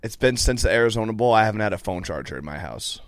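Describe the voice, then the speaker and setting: Young male podcast regular, low, dry sound, defensive rambler. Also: lively intonation, quick pace, clear, resonant tone, dry recording. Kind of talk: casual chat.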